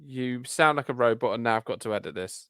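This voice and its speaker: A man hosting and editing a podcast in casual chat, dry and teasing, quick to set others straight. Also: mid-range voice, a bit bright, clear, resonant tone, no room sound. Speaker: podcast host and editor.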